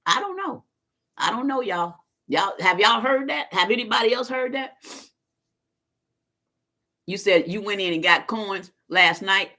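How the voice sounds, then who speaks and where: A woman's voice: medium pitch, big pitch swings, a little slow, pauses often, sharp tone. A woman chatting casually to viewers on a live stream, telling stories in a folksy, talkative way. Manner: chatty storyteller, talks straight to viewers, folksy phrasing. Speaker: vlogger doing a live stream.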